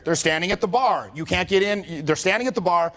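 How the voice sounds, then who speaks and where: A man's voice: high-pitched, lively intonation, fairly quick, fairly bright tone. A man in his forties, a social skills coach, giving a casual, joking seminar talk to a group, swearing freely and acting out what people say. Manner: casual, joking, swears often, acts out quotes.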